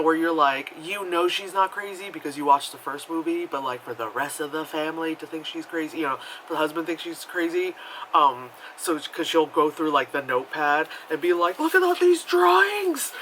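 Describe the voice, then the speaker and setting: A man's voice: bright, forceful tone, a little hiss or hum, low-quality recording. A man giving a casual, digressive movie review, sarcastic and swearing, with lots of fillers and restarts. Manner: mocks characters in high put-on voices.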